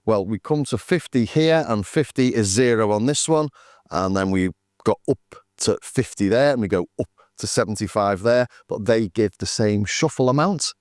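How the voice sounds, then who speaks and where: A man's voice: on the low side, expressive, moderate pace, darkish tone, no echo, clean studio sound. A man casually demonstrating drum machines, thinking aloud as he works through settings and numbers. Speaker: synth demo host.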